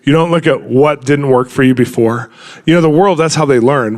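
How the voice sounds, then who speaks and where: A man's voice: mid-range voice, moderate pace. A man preaching in a conversational, story-telling way, full of casual filler words. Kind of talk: conversational sermon.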